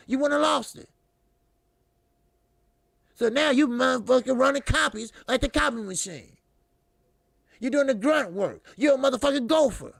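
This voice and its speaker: Boxing channel guy ranting, high raspy gravelly voice, cussing and mocking, real fired up. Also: a bit bright, no echo, clean studio sound. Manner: profane, repetitive, mocking, fiery. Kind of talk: heated commentary monologue.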